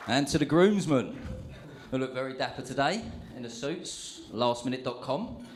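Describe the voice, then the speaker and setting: A man's voice: medium pitch, lively intonation, normal speed, some chatter behind. A man giving his best man's speech at a wedding reception, jokey and chatty, with many fillers and asides. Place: wedding reception venue, indoors. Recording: echoey reception hall.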